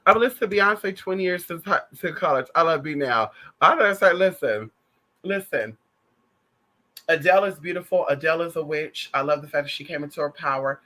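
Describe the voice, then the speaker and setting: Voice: medium pitch, fairly quick, pushed and bright. A vlogger giving sassy, profane, gossipy pop culture commentary, calling the viewer girl and honey.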